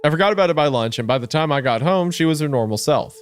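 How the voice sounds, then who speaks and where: A man co-hosting a casual horror podcast, chatting with laughs and reading story narration aloud in a lower, hushed voice. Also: lively intonation, fast, smooth, soft background music.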